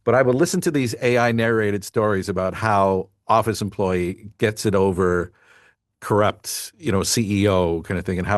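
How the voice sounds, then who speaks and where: A man's voice: lowish voice, dry recording, clean studio sound. A man hosting a podcast, rambling in casual chat with many asides. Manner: rambling, full of fillers and asides. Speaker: podcast host.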